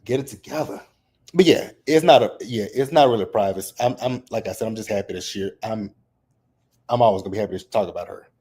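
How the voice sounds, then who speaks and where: A man's voice: on the low side, fast talker, darkish tone, breathy edge. A man in his thirties hosting a casual livestream recap, open and emotional as he talks about his family and fights back tears. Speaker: reality TV recap host.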